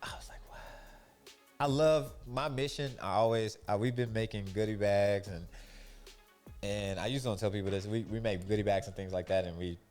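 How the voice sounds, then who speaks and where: A young man with a fairly low voice talks casually about keeping your peace. He tells stories in a loose, animated way and slips into the voices of the people he quotes. Soft music plays faintly behind him. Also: fairly quick. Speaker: podcast host. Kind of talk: casual faith-based monologue.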